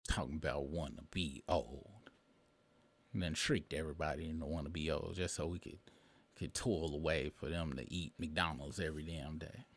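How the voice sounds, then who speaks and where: A man's voice: very deep voice, steady tone, normal speed, breathy edge. A man in his late thirties hosting his own show, delivering a rambling, profane commentary monologue with emphatic bursts. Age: late 30s. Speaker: show host.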